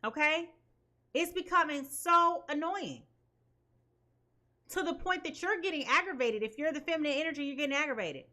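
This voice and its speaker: A woman's voice: high voice, normal speed, pauses often, bright, forceful tone. A woman reading tarot for her viewers in an emphatic way, often checking in with "okay?". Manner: emphatic, keeps asking "okay?". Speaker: tarot reader.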